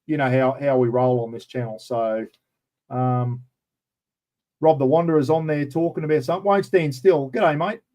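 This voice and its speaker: A man's voice: mid-range voice, steady tone, normal speed, darkish tone, low-quality recording. An Australian man hosting a casual live chat, rambling and chatty, calling everyone mate. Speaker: livestream host.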